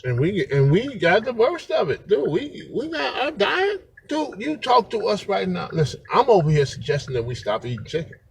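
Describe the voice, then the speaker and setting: Male vlogger with a high, swooping voice, loose and talkative, quick to laugh. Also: creaky, breathy edge. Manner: rambling, animated, laughs often, slangy. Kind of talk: casual unscripted monologue.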